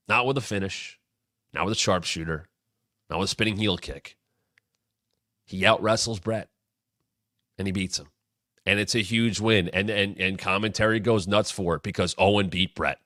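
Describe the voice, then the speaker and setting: A man's voice: sits low, moderate pace, long pauses, sharp tone, no room sound, studio quality. A man in his thirties hosting a wrestling show, telling a storyline history in an enthusiastic, casual way with sudden bursts. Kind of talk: casual retrospective commentary.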